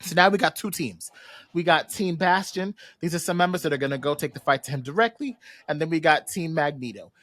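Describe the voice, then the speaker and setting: Podcast panelist: animated, slangy, switches into character voices, dry close mic. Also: medium pitch, brisk, no echo. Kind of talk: casual recap of a cartoon episode.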